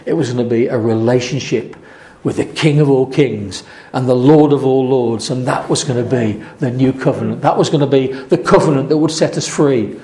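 A man's voice: mid-range voice, moderate pace, warm tone. A man preaching a sermon earnestly, repeating his phrases and restarting often.

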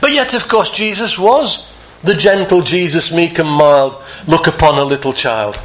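A man preaching a sermon, earnest, climbing higher for emphasis and dropping soft on the quieter phrases. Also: lively intonation, normal speed.

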